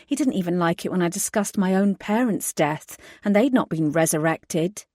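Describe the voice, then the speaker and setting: A woman's voice: lowish voice, animated, darkish tone, no echo, studio quality. Woman narrating an audiobook. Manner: measured narration with emphatic dialogue. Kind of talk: first-person audiobook narration.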